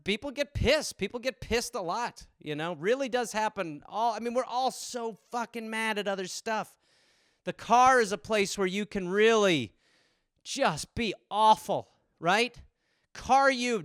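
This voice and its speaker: Guy doing a solo comedy podcast, kinda high bright voice, rambly and sweary, dry close sound. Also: smooth, dry recording. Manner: rambling, profane, self-deprecating, slips into silly voices. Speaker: podcast host. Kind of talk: solo comedy riffing on listener topics.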